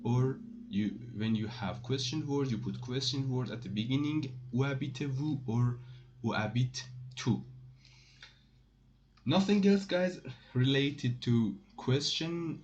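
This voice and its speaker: Halting male French teacher, dull mic. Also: mid-range voice, a little mellow. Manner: halting, many fillers and self-corrections, repeats example phrases slowly. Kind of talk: screen-recorded language lesson.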